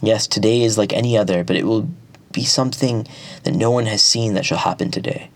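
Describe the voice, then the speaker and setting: A man's voice: fairly low pitch, fairly even intonation, brisk, natural voice. A man voicing a portentous master smith and soothsayer in a spoken folk tale.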